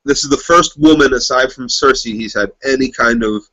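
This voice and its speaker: Second co-host, eager fan who adds asides, slightly muffled sound. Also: male voice, mid-range voice, brisk, bright, forceful tone, no room sound. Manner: enthusiastic, drops in book knowledge and asides. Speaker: podcast co-host. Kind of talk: casual TV episode recap chat.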